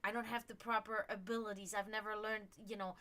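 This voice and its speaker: A woman hosting a psychic livestream, talking casually in an animated, rambling, earnest way with many fillers. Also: mid-range voice, a little fast. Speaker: livestream host and psychic reader.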